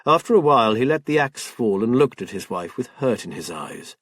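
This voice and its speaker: A man reading a crime novel aloud as an audiobook narrator, in a measured storytelling manner. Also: medium pitch, sing-song, no echo, clean studio sound. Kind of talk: scripted narration.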